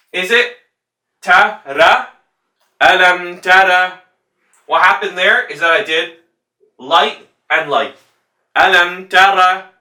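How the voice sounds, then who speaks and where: A male Quran recitation teacher giving a tajweed lesson, patiently demonstrating letter sounds slowly and repeating them. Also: a little high, bright, forceful tone. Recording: roomy sound from a distant mic.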